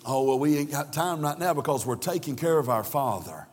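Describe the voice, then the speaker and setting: A man quoting an overly friendly older woman who smells of drink, in a soft, low voice. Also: expressive, brisk, big-room sound. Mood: chatty.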